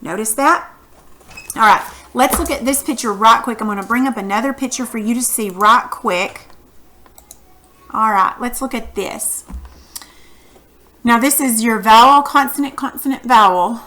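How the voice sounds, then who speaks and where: Woman teacher, bright and a bit high, patient questioning lesson style. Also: normal speed, long pauses. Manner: patient, encouraging, asks questions. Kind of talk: recorded phonics lesson for students.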